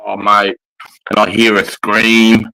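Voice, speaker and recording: A man's voice: lowish voice, completely flat delivery, slow, creaky, pushed and bright, rough recording. A man with an Australian accent in casual chat, telling laid-back, swearing-filled stories as a podcast co-host.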